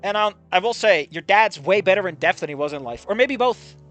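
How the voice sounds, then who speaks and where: A man's voice: high-pitched, animated, a little fast, a bit bright, soft background music. A man reading a story aloud casually and commenting on it with sarcastic, swearing asides. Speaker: reader and commentator.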